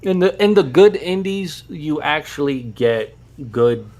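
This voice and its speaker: A man co-hosting a casual podcast, speaking in a relaxed, halting way with many fillers. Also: a little high. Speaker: podcast co-host.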